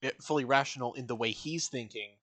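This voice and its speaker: A man rambles through casual stream commentary, full of fillers, and acts out the characters' lines. His voice sits at an ordinary pitch. The mic sound is close and dry. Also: quick pace, fairly bright tone, no echo. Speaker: streamer reacting to a musical.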